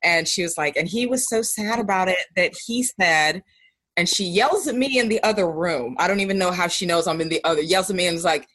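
A woman's voice: on the low side, brisk, a bit bright, slightly rough. A woman, a podcast guest, talking casually and telling candid stories with a wry edge. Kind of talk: casual conversation.

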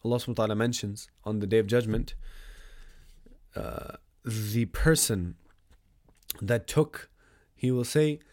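A man hosting a podcast, explaining a poem in a casual lesson. He talks conversationally, asks himself rhetorical questions, restarts often, and recites verse in quick bursts. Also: lowish voice, a little mellow, dry recording, studio quality. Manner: recites Arabic verse rapidly.

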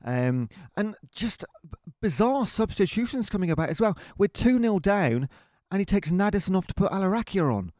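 A man co-hosting a casual football podcast, telling stories in a chatty, animated way. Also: high voice, normal speed, no room sound, clean studio sound. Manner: chatty, animated storyteller with rising laughs. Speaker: podcast co-host.

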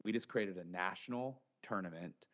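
A man's voice: deep voice, moderate pace, a bit bright, highs cut off. A man co-hosting a podcast in casual chat, telling stories and making his points with growing energy. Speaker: podcast co-host.

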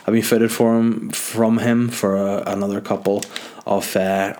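Man, Northern Irish accent, lowish voice, casual rambling podcast chat, jokey. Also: level tone, measured pace, darkish tone. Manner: rambling, jokey, self-mocking. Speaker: podcast host.

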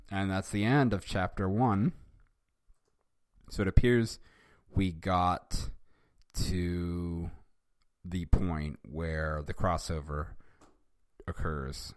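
Wry male host reading fan fiction aloud with amused asides, low voice, dry close sound. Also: steady tone, slow, pauses often, no echo. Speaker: reader and host. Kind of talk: casual reading with wry commentary.

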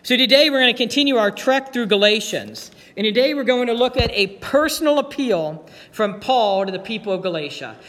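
A man's voice: extremely high pitch, lively intonation, a little fast, hardly any pauses, fairly bright tone. A male pastor preaching a sermon in a folksy, storytelling way, acting out the voices in his anecdotes. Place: church sanctuary. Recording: long church reverb.

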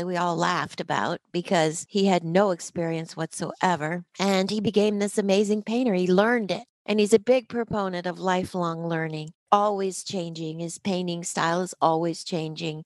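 A woman's voice: lowish voice, a little mellow, no room sound. An older woman co-hosting a podcast, telling stories in a casual, enthusiastic chat. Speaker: podcast co-host.

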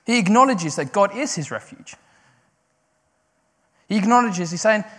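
A man preaching in a church hall. His voice sits a little higher than most men's and carries a long reverb from the hall. He moves from loud, raised cries back down to a quiet, chatty delivery. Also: expressive, normal speed. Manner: builds to loud cries when quoting, then drops quiet and conversational. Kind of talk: sermon.

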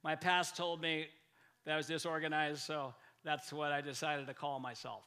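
Brief: energetic male pastor, sermon, bright forceful tone, loud emphatic bursts, repeats words. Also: on the high side, normal speed, smooth. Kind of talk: lively sermon.

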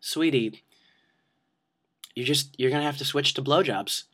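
A man quoting a middle-aged mother with gentle, matter-of-fact coaxing, in a voice close to his own. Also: high voice, expressive, unhurried, pitched above the performer's own voice.

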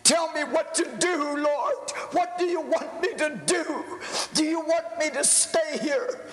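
A male preacher voicing a desperate village pastor crying out in prayer, pleading and rising to shouts, in a hall with a long reverb. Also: extremely high pitch, slow, pitched above the performer's own voice, heavily acted.

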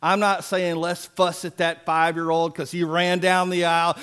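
A man's voice: fairly high pitch, fairly even intonation, moderate pace, hardly any pauses, a bit bright, clear, resonant tone. A man preaching a sermon as pastor, folksy and emphatic with playful asides.

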